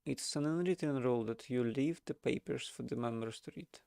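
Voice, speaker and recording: Man voicing a boastful gambler, proud, formal, gravelly, dry. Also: mid-range voice, fairly quick, darkish tone, dry recording, natural voice. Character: boastful male gambler at a gentlemen's club.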